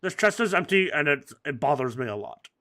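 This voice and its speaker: A man's voice: on the high side, sing-song, fairly quick. Man rambling crude jokes over gameplay. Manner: swings between mumbling and loud outbursts. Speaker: gaming commentator. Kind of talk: let's play commentary.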